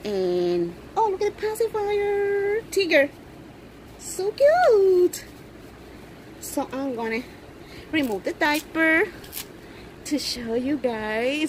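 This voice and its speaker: A woman filming an unboxing vlog at home, gushing with excitement and cooing as she talks. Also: sits high, slow, pauses often, a little hiss or hum, low-quality recording. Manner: gushing, excited, coos over the doll. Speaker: reborn doll collector vlogger. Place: indoors at home.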